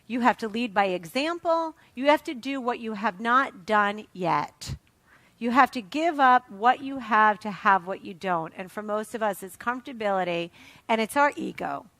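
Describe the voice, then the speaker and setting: A middle-aged woman with an East Coast American accent, giving an emphatic, animated motivational talk to a sales audience. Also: a little high, no room sound. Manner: emphatic, animated, fast and punchy, acts out quotes. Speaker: motivational speaker at a sales event.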